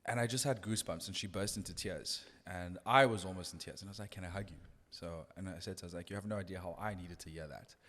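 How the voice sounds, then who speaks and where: A man's voice: low-pitched, racing, hardly any pauses, a bit bright, long reverb tail. A man who works as a radio DJ, telling a personal story in an earnest, reflective way with frequent restarts. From South Africa. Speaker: radio DJ guest. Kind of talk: casual podcast conversation.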